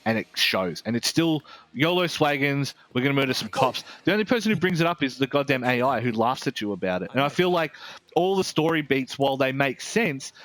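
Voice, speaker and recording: An Australian man giving a game review in loose, casual chat. He talks in a rambling, candid way, restarts often, and swears without a second thought. His voice sits at an ordinary middle pitch. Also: expressive, a little fast, a bit bright, no echo.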